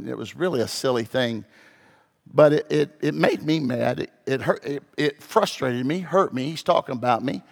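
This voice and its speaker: A man preaching a sermon as pastor, telling a story and moving between hushed and loud, emphatic passages. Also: medium pitch, vocal fry. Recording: long hall reverb.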